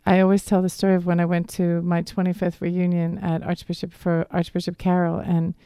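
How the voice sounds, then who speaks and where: Middle-aged woman, Philly accent touched by Boston, rambling radio guest, smooth and dry. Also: on the low side, monotone, brisk, warm tone, no echo. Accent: Philadelphia with some Boston. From Philadelphia area. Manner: rambling, friendly storytelling. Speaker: guest, divorce coach. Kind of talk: radio interview. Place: radio studio.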